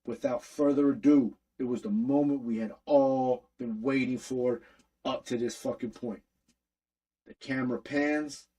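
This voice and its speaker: A man's voice: medium pitch, mellow, husky, rough recording. A man hosting a casual podcast, recapping an episode in a slangy, profane storytelling way and acting out the characters' lines. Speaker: podcast host recapping an animated series.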